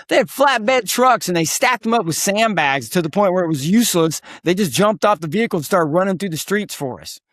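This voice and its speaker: A man's voice: high-pitched, no echo, studio quality. A man telling war stories as a podcast guest, emphatic and pushing hard on key points. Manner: emphatic, rising to near-shouts at key points. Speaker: guest, combat veteran and speaker. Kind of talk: storytelling interview talk.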